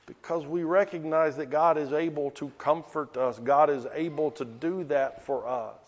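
Pastor, male, high-pitched, unhurried sermon delivery that trails off low at phrase ends, recorded in a reverberant church hall. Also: steady tone. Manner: slow, deliberate reading with a dropping voice at phrase ends. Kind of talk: sermon with scripture reading.

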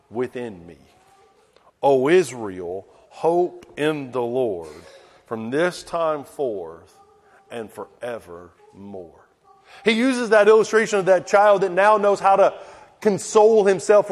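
A man preaching a sermon and reading scripture slowly and deliberately, his voice dropping low at the ends of phrases. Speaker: pastor. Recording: long reverb in a hall.

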